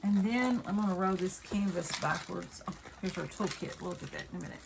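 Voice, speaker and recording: With a fairly low, gravelly voice and a brisk pace, a Southern-accented woman hosts a craft video, rambling chattily and self-correcting while she unboxes and displays a craft kit. Background noise is audible.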